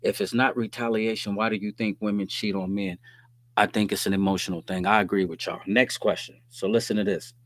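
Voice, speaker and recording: A man's voice: fairly low pitch, fairly even intonation, fairly quick, fairly bright tone. A middle-aged man, hosting a casual talk stream, telling stories in slang and reading viewer comments. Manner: streetwise slang, storytelling, frequent "you dig what I'm saying". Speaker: host.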